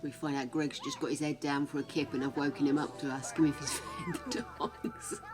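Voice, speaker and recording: A woman's voice: low-pitched, level tone, fast talker, a little mellow, soft background music. A British woman streaming gameplay in casual chat, cooing fondly at her dog and laughing often.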